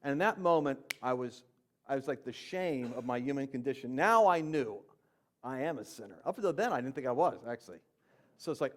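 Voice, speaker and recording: A man telling his conversion story in a conversational, animated way, jumping from loud emphatic bursts to quiet low asides. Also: brisk. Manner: conversational with fillers and slang. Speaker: Christian speaker. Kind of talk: personal testimony storytelling.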